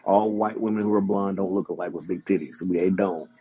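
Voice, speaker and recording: A man co-hosting a podcast in casual chat, blunt and animated. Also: low-pitched, moderate pace, husky. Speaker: podcast co-host. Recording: dull lo-fi audio.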